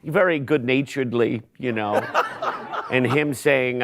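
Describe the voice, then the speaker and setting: A man with a lowish voice and a gravelly edge, talking casually in an interview. He is wry and chatty, laughs between his thoughts, and keeps backing up and restarting his sentences as he thinks out loud. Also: fairly even intonation, takes it slowly. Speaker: stage actor, interview guest.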